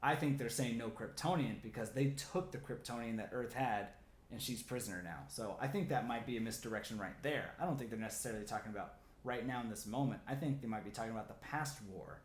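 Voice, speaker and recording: A man hosting a comic theory video, talking casually and excitedly with lots of "like" fillers. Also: mid-range voice, fast, reverberant, a little hiss or hum. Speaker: comic theory channel host.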